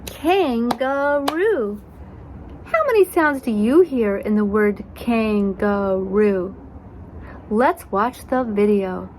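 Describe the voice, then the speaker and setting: A woman teaching young children, sounding out words slowly and spelling them letter by letter. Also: mid-range voice, sing-song, a little mellow, slight background noise.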